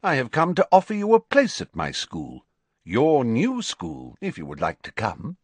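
A man voicing a calm, patient elderly wizard headmaster who speaks in a measured, gently formal way in a storybook reading. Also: mid-range voice, creaky, husky, no room sound, voice pushed up, heavily acted.

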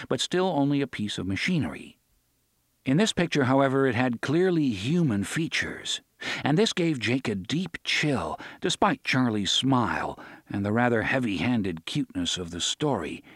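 A male audiobook narrator with a slightly husky, mid-pitched voice and a lively, varied melody. His reading is expressive and recorded close and dry, with no room around it. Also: no room sound. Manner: expressive storytelling, varied delivery. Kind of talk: scripted narration.

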